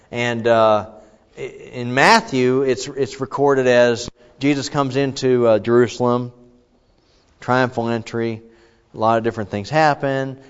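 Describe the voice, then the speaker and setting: A man preaching a sermon in a relaxed, explanatory way, often restarting his phrases and then lifting his voice with excitement. His mid-pitched voice rings through a large hall with a long echo, and the sound is a little muffled.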